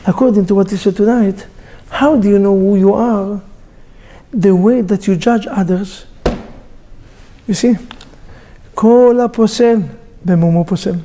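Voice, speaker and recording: A man teaching as a rabbi, telling stories with jokes and sound effects in a lively sermon to a group. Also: high voice, moderate pace, pauses often, a little hiss or hum. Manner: animated storyteller, joking, with sound effects.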